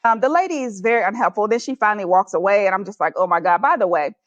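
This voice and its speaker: A woman's voice: mid-range voice, quick pace, no echo. A woman guest on a podcast, animatedly telling a personal story and laughing often as she goes. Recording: slightly dull, dry recording.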